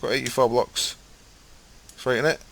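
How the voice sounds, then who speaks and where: A man's voice: mid-range voice, fairly even intonation, moderate pace, creaky, fairly bright tone. A young man with a mild Hull accent from East Yorkshire, chatting casually and muttering to himself while streaming a game. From Hull, East Yorkshire, England. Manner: rambling, mumbles to himself while playing, swears casually. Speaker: gaming streamer. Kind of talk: casual gameplay commentary chatting with live chat.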